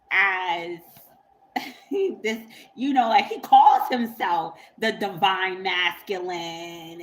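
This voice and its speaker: A woman's voice: mid-range voice, low-quality recording. A woman tarot reader telling a story in a rambling, profane, casual way on a livestream, often breaking into laughter.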